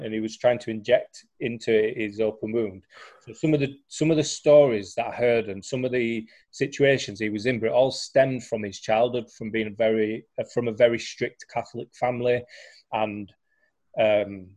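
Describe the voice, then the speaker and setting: A man's voice: mid-range voice, darkish tone. A young man, talking casually about his recovery with lots of restarts and fillers. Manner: chatty storyteller, many fillers and restarts. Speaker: guest sharing recovery story. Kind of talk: casual conversation.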